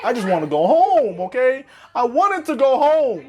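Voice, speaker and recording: Young man, comedic storyteller, very lively pitch, panicky then mumbling. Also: moderate pace, noisy background. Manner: animated, swinging between loud panic and low mutters. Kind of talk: comedic skit narration.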